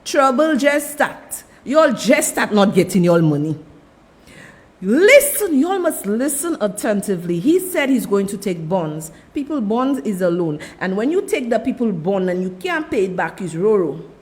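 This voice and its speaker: A woman's voice: medium pitch, sing-song, unhurried, darkish tone. A woman with a Saint Lucian accent hosting a political talk show, delivering impassioned commentary and talking straight to her audience. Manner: impassioned, repeats "let me tell you", addresses the audience as "people".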